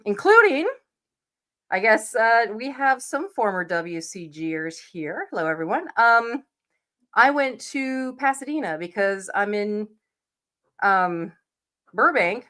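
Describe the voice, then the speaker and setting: A woman in her forties, sick and hoarse, chatting casually as co-host of a reaction show, swearing freely and laughing often. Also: mid-range voice, a bit bright. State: sick, losing her voice, coughing.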